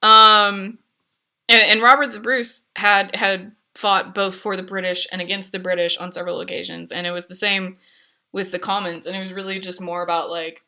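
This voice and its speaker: A woman's voice: medium pitch, level tone, moderate pace, bright, forceful tone. A woman streamer chatting casually with viewers, rambling with lots of fillers and restarts and laughing often. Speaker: streamer answering chat.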